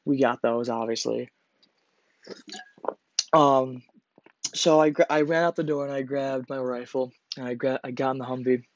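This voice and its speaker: A man's voice: medium pitch, steady tone, moderate pace, pauses often. A man hosting a podcast, casually telling a personal story in a rambling, profane way, full of fillers and restarts. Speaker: podcast host. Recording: slightly dull lo-fi recording.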